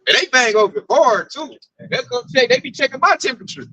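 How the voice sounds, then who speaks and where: A man telling animated work stories in a casual chat, acting out his coworkers. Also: very high voice, fast, rough recording. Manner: animated, acts out coworkers' voices. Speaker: speaker at a group discussion.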